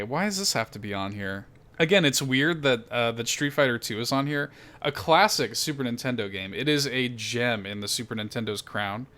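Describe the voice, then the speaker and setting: A man hosting a casual podcast chat, animated and profane, laughing often. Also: mid-range voice. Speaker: podcast host.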